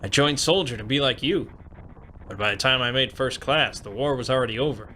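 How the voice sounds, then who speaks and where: A man's voice: medium pitch, a little fast, bright, forceful tone, a little hiss or hum, natural voice. A man voicing an eager cocky young soldier. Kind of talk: fan voicing of game dialogue.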